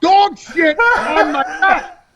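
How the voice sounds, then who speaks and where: A man on a podcast telling a story in casual, profane talk. He sounds exasperated and often shouts and laughs. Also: very high voice, slow. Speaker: podcast regular. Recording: noisy podcast recording.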